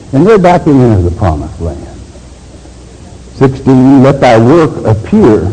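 Male preacher, blunt and folksy, husky voice with a long hall echo. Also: medium pitch, mellow. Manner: blunt, preachy, mimics whiny listeners. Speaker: pastor. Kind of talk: sermon.

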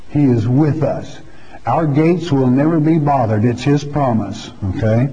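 A man's voice: mid-range voice, a little slow, warm tone, breathy edge. A man preaching a verse-by-verse Bible sermon in a folksy, chatty way, often checking in with "okay?". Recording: roomy hall, dull lo-fi sound.

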